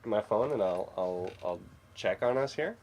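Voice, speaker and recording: A man's voice: fairly low pitch, lively intonation, measured pace, a little mellow, a little hiss or hum. A man co-hosting a casual livestream, upbeat and promotional. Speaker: co-host of auction livestream.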